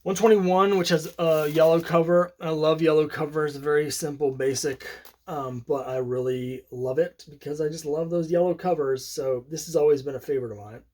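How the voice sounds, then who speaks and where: A man's voice: a little high, steady tone, moderate pace, darkish tone, a little hiss or hum. A man casually talking through his comic collection, rambling and opinionated, with many fillers and restarts. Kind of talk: casual solo commentary.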